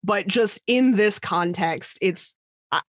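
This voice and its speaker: A woman's voice: mid-range voice, slow, dry recording. A woman co-hosting a horror movie podcast in casual chat, laughing between points. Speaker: podcast co-host.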